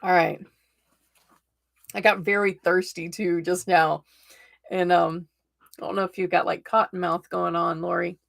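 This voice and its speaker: A woman's voice: on the low side, flat delivery, a little slow, gravelly, long pauses, no room sound, studio quality. A woman hosting a live tarot stream, chatting casually and encouragingly and laughing often. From United States.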